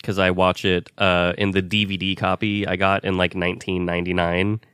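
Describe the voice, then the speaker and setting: Deep-voiced sarcastic man. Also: flat delivery, brisk, fairly bright tone, clean tone, no echo, studio quality. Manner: sarcastic, profane banter. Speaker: podcast co-host. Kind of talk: casual comedic chat.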